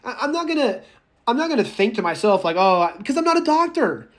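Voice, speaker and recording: A man teaching a public speaking class, lecturing live in a chatty, animated way, talking to students by name and going off on tangents. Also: extremely high pitch, brisk. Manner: goes off on tangents.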